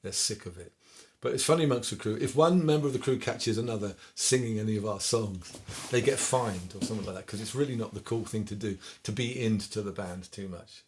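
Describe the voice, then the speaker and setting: A man's voice: fairly low pitch, a little fast, a little mellow. A man with a West Country accent, chatting casually between songs at home and reading out dedications for a request show. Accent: English West Country. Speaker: singer-songwriter hosting a request show. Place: at home during lockdown. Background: faint guitar.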